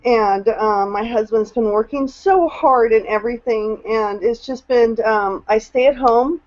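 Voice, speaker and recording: A woman's voice: a little high, a little slow, a little mellow, dull audio. A woman on a video call sharing her experience as a new team member in a rambling, emotional way, full of fillers and restarts. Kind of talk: casual testimonial on a video call.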